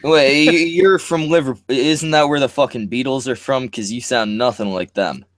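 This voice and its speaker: A man's voice: medium pitch, normal speed, dry recording. A man co-hosting an online chat, blunt and joking, rambling as he talks. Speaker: podcast co-host. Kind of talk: casual chat.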